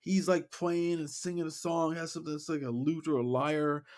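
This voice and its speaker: A male podcast co-host with a slightly high voice. He retells a story in a loose, rambling way, packed with fillers and casual asides. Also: little pitch movement, normal speed, a little mellow. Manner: rambling, lots of "like" and "you know". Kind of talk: casual chat.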